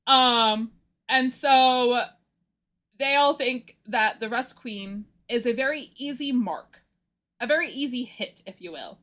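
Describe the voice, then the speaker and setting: Female streamer, high bright voice, unhurried, rambling and giggly. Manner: rambling, animated storytelling with frequent giggles. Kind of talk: casual livestream chat.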